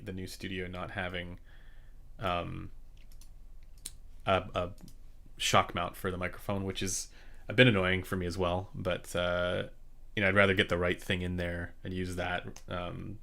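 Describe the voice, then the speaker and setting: A man hosting a casual live-stream Q&A about headphones, speaking in a relaxed, rambling way with many fillers and restarts into a slightly quiet condenser microphone. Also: sits low, vocal fry. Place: home room during a studio move. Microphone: studio condenser microphone, a bit quiet.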